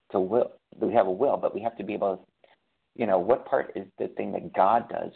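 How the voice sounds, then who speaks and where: Gravelly, husky man on a tinny line. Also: lowish voice. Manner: rambling, self-correcting, conversational. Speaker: recovery program member sharing. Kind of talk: casual spiritual recovery talk. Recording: tinny phone-like sound.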